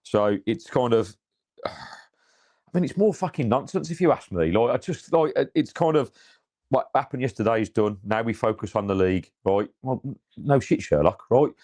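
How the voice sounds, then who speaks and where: A man talks football on a fan podcast. He swears freely and restarts his sentences, getting animated as he rants. It is casual, unscripted chat. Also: mid-range voice, moderate pace. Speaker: podcast co-host.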